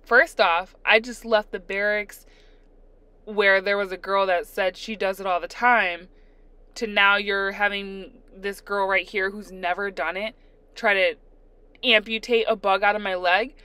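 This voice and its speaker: A young adult woman casually telling a story while doing her nails, animated and laughing as she re-enacts her own panic. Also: mid-range voice, unhurried, clear, resonant tone, no echo. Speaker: storyteller, nail art vlogger.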